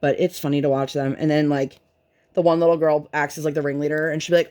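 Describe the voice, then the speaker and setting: A woman's voice: low voice, animated, a little fast. A woman vlogger and mother chatting casually while she works on a craft, rambling and leaning on "like" a lot. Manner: rambling, chatty, heavy use of "like".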